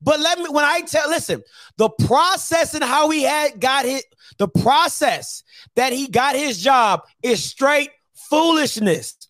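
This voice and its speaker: A man with a strikingly high voice hosts his own sports talk show, talking in a casual, slang-heavy rant. He hammers points home by repeating phrases. The recording is dry and close, with no room sound. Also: animated, a little slow, fairly bright tone, dry recording.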